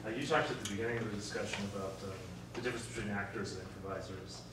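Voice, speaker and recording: A man's voice: fairly low pitch, fairly even intonation, rapid-fire. A man interviewing, asking long, hesitant questions and thinking aloud. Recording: distant echoey recording with clear noise.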